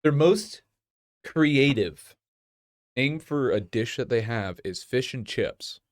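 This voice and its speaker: A man's voice: mid-range voice, animated, slow, no room sound, studio quality. A man co-hosting a casual podcast, crude and sarcastic as he jokes with friends. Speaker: podcast co-host.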